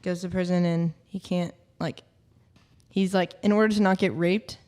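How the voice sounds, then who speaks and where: A woman's voice: lowish voice, steady tone, normal speed, a little mellow. Brief: young woman, podcast guest, loose filler-heavy storytelling. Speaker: podcast guest, college cheer captain. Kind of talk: casual podcast chat.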